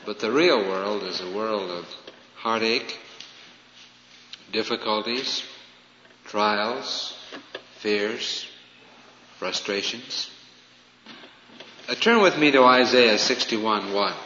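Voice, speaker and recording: Male pastor, sermon delivery, loud emphasis dropping to hushes; long church reverb, faint hiss. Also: on the low side, slow, pauses often. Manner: swings from loud emphasis to hushed, falling phrases. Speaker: preacher. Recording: dull, roomy hall recording with faint hiss.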